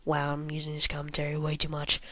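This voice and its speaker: A woman's voice: sits low, monotone, fast, sharp tone, no room sound. A young woman giving goofy, rambling commentary over a video game, often murmuring half under her breath. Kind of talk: casual let's-play commentary.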